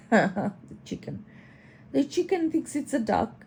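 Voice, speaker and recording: A chatty, snarky woman hosts a casual reaction commentary and drops the odd swear word. Her voice is a touch high and gravelly with fry. She talks slowly over faint background noise. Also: very animated. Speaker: commentary channel host.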